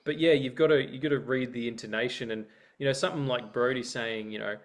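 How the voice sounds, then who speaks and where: A mid-pitched man co-hosting a casual podcast chat. He talks thoughtfully and often restarts and repeats words as he works through a point. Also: steady tone, fast talker. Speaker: podcast co-host.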